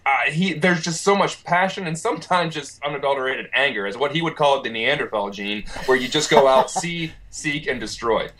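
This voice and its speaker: A man's voice: medium pitch, brisk, hardly any pauses, fairly bright tone. A man talking as a guest in a casual conversation, earnest and reflective as he recalls a family member. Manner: earnest, reflective, with frequent fillers and restarts. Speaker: guest, nephew of the person discussed.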